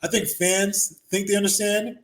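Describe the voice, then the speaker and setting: A man hosting a casual podcast chat, an animated storyteller who swears freely and laughs often. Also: high voice, normal speed, reverberant. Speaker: podcast host, former wrestler.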